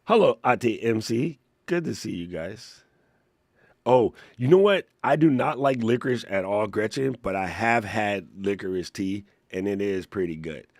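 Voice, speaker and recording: A man hosting a live Q&A stream, playful and joking, chatting to viewers in a slightly hoarse voice. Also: lowish voice, expressive, normal speed, a little mellow, no echo, clean studio sound. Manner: playful, joking, laughs often, reads chat aloud. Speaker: livestream Q&A host. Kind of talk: casual live-stream chat.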